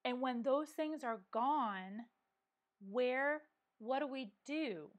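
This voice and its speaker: A woman's voice: high-pitched, takes it slowly. A middle-aged woman hosting a casual live coffee chat from home, talking earnestly with many restarts and ums, on a clip-on microphone. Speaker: vlog host. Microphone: wearing a microphone.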